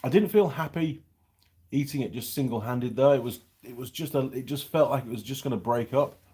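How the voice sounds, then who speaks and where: A man's voice: mid-range voice, fairly quick, dark tone. A middle-aged man hosting a casual vlog, chatting in a rambling way and reading out viewer comments while he eats. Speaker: channel host reviewing pies. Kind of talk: casual live-chat vlog.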